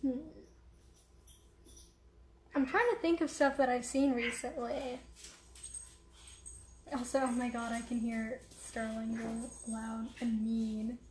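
A high-pitched young woman talks slowly and loosely, drifting between thoughts with plenty of ums and likes. Her voice rings a little in an echoey room at home, like an unscripted vlog. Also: level tone, background noise. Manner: rambling, distracted, many fillers. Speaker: vlogger. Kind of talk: casual rambling chat.

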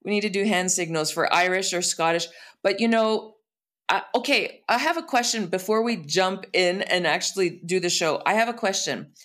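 A woman with a mild Canadian accent hosts a casual interview. Her voice sits a little low. She chats in a playful, self-deprecating way. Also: moderate pace, a bit bright. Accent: Canadian, softened by years abroad. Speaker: podcast host.

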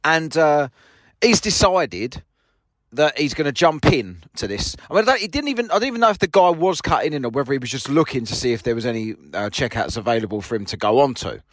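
A man's voice: medium pitch, big pitch swings, brisk, no room sound. A man telling a sweary, mocking story in a casual monologue from his parked car. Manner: sweary, mocking, acts out both sides of a quarrel. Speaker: podcast host.

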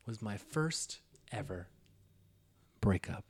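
A young man co-hosting a podcast, telling a story in relaxed casual chat and swearing now and then. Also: fairly low pitch, takes it slowly, husky. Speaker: podcast co-host.

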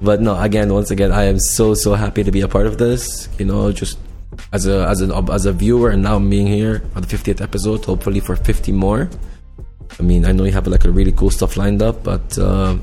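A man's voice: deep voice, little pitch movement, brisk, dark tone, faint music behind. A man in casual chat as a podcast guest, easygoing and sprinkled with "like".

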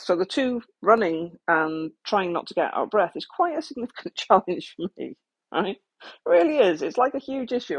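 A woman speaking frankly and practically to the listener about coping with trauma, with some self-deprecating asides. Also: lowish voice. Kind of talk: candid talk to the listener.

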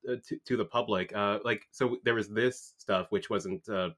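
A man's voice: on the low side, fairly even intonation, fairly bright tone. A young Canadian man co-hosting a podcast, joking dryly and restarting his sentences often. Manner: wry, joking, halting restarts. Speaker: podcast co-host. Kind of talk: casual chat.

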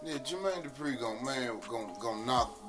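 A Memphis man chats casually on a podcast with music playing underneath, spinning animated, loose stories full of profanity. He speaks at a measured pace in a mid-range voice.

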